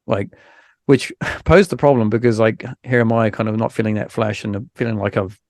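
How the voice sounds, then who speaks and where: Male podcast host; gravelly, dry close sound; frank, rambling, tired. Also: on the low side, moderate pace, darkish tone, no echo. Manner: frank, rambling, many fillers and restarts. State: recovering from illness, low energy. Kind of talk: casual podcast chat.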